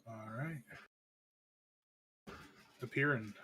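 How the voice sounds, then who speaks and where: A man running a tabletop game as dungeon master, making brisk, easygoing rules calls. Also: mid-range voice, bright, forceful tone.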